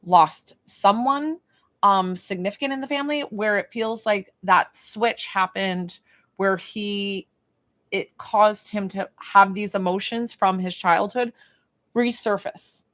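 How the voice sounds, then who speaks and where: A woman giving a psychic reading and healing on a live stream, talking in a soft, emotional, rambling and reassuring way. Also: medium pitch, slow pace. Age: young adult or middle-aged, a mother. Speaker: psychic medium and energy healer, live stream host.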